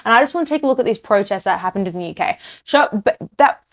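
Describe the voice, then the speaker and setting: A woman's voice: fairly high pitch, lively intonation, fast. An Australian woman, a podcast host, delivering an angry, blunt political rant to camera. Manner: heated, exasperated, speaks her mind bluntly.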